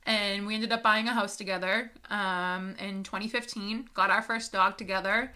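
A woman's voice: medium pitch, steady tone, normal speed, sharp tone. A woman in her thirties hosting a podcast, telling her own life story in a casual monologue that turns emotional, full of "like" and "um". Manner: emotional, with frequent fillers and laughs. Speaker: podcast host.

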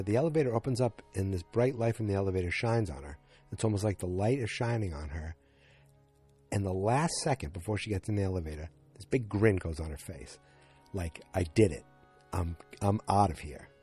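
A podcast host recaps a TV episode, retelling scenes loosely and rambling with plenty of fillers. His slightly low voice is mellow with a touch of huskiness, and soft music plays faintly in the background.

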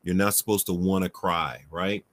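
A man's voice: low-pitched, steady tone, moderate pace. A man hosting a faith-based livestream, answering viewer questions in a conversational way with frequent "right?" and fillers. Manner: conversational, asks "right?" often, many fillers.

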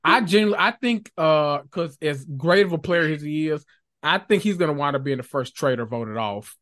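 A podcast host in casual pop culture chat, sassy and animated, swearing and laughing often. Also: medium pitch, moderate pace, no echo, clean studio sound.

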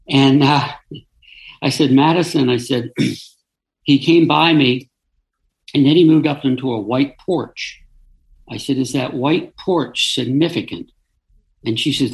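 A middle-aged man with a gravelly, rough-edged voice at an ordinary pitch, telling a personal story as an interview guest. He speaks earnestly and haltingly, often stopping to restart his sentences. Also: poor audio.

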